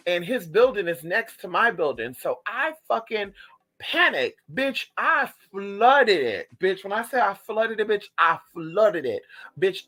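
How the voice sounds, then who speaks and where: A man telling a story in a casual vlog, animated and full of profanity, speaking straight to his viewers. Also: high-pitched, rough recording.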